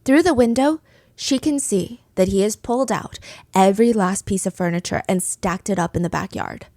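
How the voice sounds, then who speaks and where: A woman's voice: medium pitch, moderate pace, a little mellow, dry recording. Chatty woman telling a true crime story. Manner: chatty, dramatic retelling with asides. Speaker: true crime podcast host. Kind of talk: casual storytelling.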